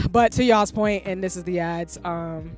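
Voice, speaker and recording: A woman's voice: lowish voice, a little slow, darkish tone, soft background music. Rambling candid woman in her thirties. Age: 30s. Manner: rambling, candid, swears freely. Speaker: livestreamer. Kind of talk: casual stream chat.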